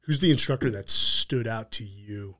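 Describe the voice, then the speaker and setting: A man's voice: lowish voice, normal speed, sharp tone. A middle-aged man hosting an interview in casual chat, telling stories and acting out quotes, with an easygoing mouth that swears now and then. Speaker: podcast host.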